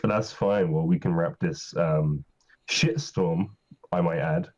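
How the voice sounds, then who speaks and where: A man's voice: slow, darkish tone, muffled recording. A man co-hosting a podcast in laid-back, crude casual chat. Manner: laid-back, crude, swings between low and high tones. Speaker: podcast co-host.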